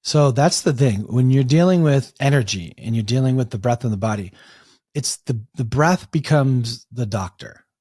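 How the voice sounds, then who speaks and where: A man telling animated stories as an interview guest, acting out the people he quotes. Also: medium pitch, moderate pace, breathy edge, dry recording, studio quality. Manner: animated storyteller, restarts and acts out quotes. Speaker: guest, breathwork coach. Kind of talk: storytelling in an interview.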